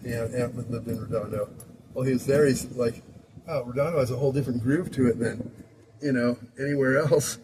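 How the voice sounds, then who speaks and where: A man's voice: medium pitch, a little fast. Rambling older man, traffic noise behind. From Southern California. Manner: rambling and loose, chuckling often, many fillers. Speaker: storyteller recalling his school days. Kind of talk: casual rambling anecdote.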